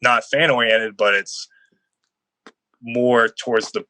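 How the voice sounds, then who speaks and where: Bright, chatty young man. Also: medium pitch, slow, dry recording, poor audio. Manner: rambling, heavy on "like" fillers, animated storytelling. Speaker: guest football player. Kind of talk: casual podcast interview.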